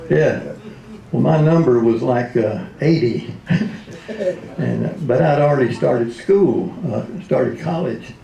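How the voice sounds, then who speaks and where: Old radio guy telling funny stories, gravelly and mellow, echoey convention hall. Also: medium pitch, takes it slowly, dull audio. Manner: joking, laughing often, doing voices. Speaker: retired radio DJ, convention speaker. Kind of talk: comic storytelling speech. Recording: roomy hall.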